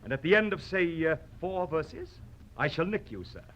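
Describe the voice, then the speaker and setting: A man's voice: a little high, very animated, normal speed, fairly bright tone, highs cut off. An actor playing a proud, mocking poet swordsman with a huge nose, declaiming in theatrical old radio-drama style. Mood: gleeful. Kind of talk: vintage radio drama acting.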